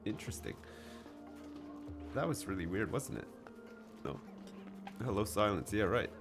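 A man's voice: lowish voice, sing-song, normal speed, long pauses, soft background music. A man casually commenting while he plays a game on a live stream, joking and chatting with his viewers. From Canada.

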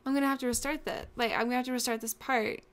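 A woman's voice: on the high side, steady tone, rapid-fire, fairly bright tone. A young woman casually commenting on her own gameplay as a let's play host, often gasping and exclaiming.

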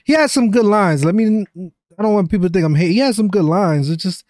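A man's voice: high voice, animated, darkish tone, no room sound, studio quality. A man hosting a music reaction, talking in casual slangy commentary and cheering the verse on. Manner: hyped, rapid slangy cheering. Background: rap track playing faintly.

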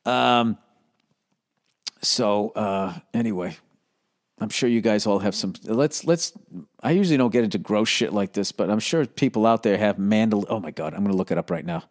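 A man's voice: lowish voice, normal speed. Profane, rambling comedian man. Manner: profane, rambling, lots of fillers and restarts. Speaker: comedian podcast host. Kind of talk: rambling comic monologue.

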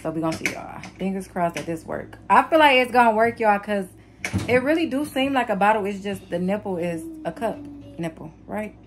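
A young vlogger mom chats to the camera from her home kitchen and living room, talkative and casual, calling viewers y'all. Her mid-range voice is expressive and a little fast, with music in the background.

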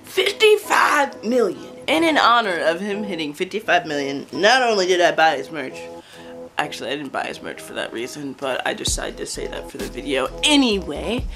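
A woman's voice: sits low, big pitch swings, a little fast, a bit bright, soft background music. A woman vlogging a playful, sarcastic comedy how-to video. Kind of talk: comedic tutorial vlog.

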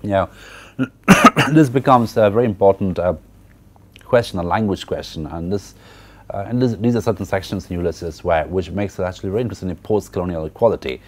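Male lecturer, very low voice, halting explanatory talk. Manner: hesitant, many fillers and restarts, explanatory. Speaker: university lecturer. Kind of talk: literature lecture with text reading.

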